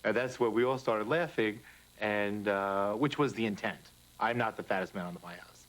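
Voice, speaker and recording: A man's voice: lowish voice, normal speed, rough recording. A man, a firefighter, telling a wry anecdote in a documentary interview. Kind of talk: first-hand account in a documentary interview.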